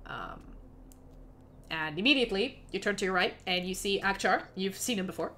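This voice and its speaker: A woman's voice: mid-range voice, expressive, moderate pace, bright, forceful tone, slight background noise. A woman narrating as game master of a tabletop fantasy game, chatty and given to laughing asides.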